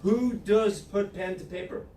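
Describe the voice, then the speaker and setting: A man's voice: sits high, a little slow. Irish male team leader, teasing and sarcastic, hall-y room, distant noisy mic. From Ireland. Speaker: real estate team leader. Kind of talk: motivational team meeting talk. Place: office meeting room. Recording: echoey room from far off, noisy.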